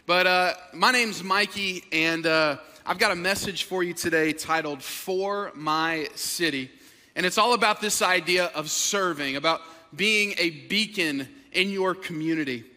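A male pastor preaching a sermon as an energetic, excitable storyteller with a humorous streak. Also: high voice, in a large hall.

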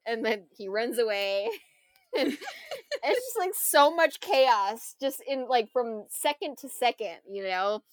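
A woman co-hosting a casual chat, retelling a film scene in an animated way, full of fillers and frequent laughter. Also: fairly high pitch, takes it slowly, no room sound.

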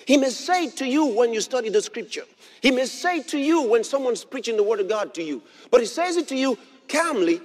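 A man preaching a sermon, reading scripture aloud and repeating key phrases with emphasis, sometimes bursting into shouts. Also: extremely high pitch, expressive, fairly quick. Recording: long hall reverb.

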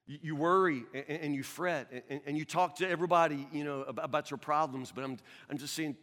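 Male pastor preaching, bright voice, kinda high, stumbles on words, big echoey church hall. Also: quick pace. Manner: earnest, stammering restarts, swings from loud to hushed. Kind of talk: sermon.

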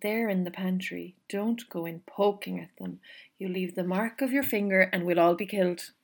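A woman voicing a cheerful young orphaned kitchen maid who talks in a brisk, homely, teasing way. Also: fairly low pitch, creaky. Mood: brisk, fond.

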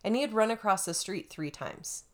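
A woman telling a story in a casual chat, animated and acting out the quotes. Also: medium pitch, normal speed.

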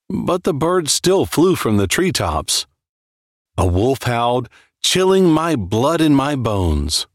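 A man narrating a dark first-person horror story as a dramatic reading, with a brooding, deliberate delivery. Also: mid-range voice, big pitch swings, no room sound, studio quality.

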